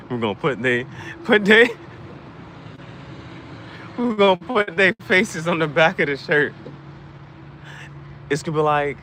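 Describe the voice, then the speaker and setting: Joking guy in a car, bright voice jumping all over, faint traffic outside. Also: expressive, measured pace, pauses often. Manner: playful, laughs often, voice swings high and low. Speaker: channel host. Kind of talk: casual joking chat.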